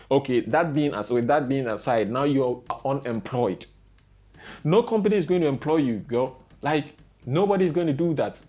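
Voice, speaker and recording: A man's voice: medium pitch, a little mellow. A young man vlogging, ranting in casual commentary with exasperated, repeated rhetorical questions.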